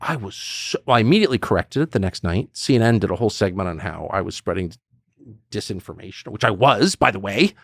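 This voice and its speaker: A man's voice: on the low side, animated, fast talker, a bit bright, no echo, studio quality. A middle-aged man, a political commentator, talking bluntly and emphatically in a podcast conversation, acting out the voices he quotes. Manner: blunt, swears.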